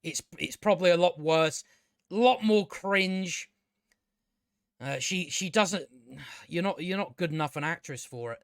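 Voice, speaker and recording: Male TV reviewer, high-pitched, dry recording, profane and sarcastic, stumbles over his words. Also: unhurried, smooth, dry recording. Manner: stammering, frequent restarts. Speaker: TV show reviewer. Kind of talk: casual solo review rant.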